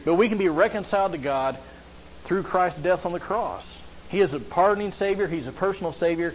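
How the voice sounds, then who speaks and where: A man's voice: high-pitched, a little fast. Earnest preaching man, dull lo-fi sound. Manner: earnest preaching with rhetorical questions. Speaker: pastor. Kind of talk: sermon. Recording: slightly dull lo-fi sound with faint background hiss.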